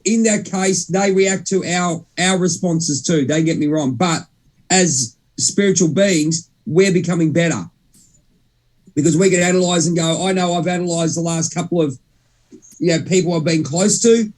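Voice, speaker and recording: Co-hosting a laid-back spiritual podcast, a young man speaks in a slightly high, slightly mellow voice. His talk rambles, breaks off mid-sentence, and includes mild curses.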